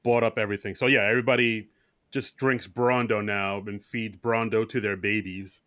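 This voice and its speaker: A man's voice: fairly low pitch, fairly even intonation, normal speed, a bit bright, no room sound, clean studio sound. A man co-hosting a podcast, casually recapping a movie and jokingly acting out lines from it. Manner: jokey, acts out characters' lines. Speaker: podcast co-host.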